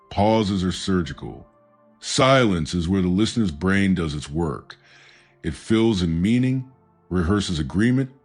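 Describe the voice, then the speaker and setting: A man giving calm, measured, scripted narration of a self-help audiobook. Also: deep voice. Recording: faint background music.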